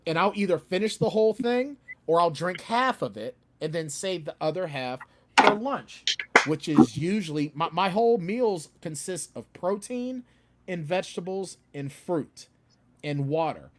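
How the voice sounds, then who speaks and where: A man's voice: measured pace, heavy background noise. A man who is a guest author, chatting casually on a video call and acting out his own outbursts. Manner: animated, acts out his own outbursts in a louder, higher voice. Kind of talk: casual chat.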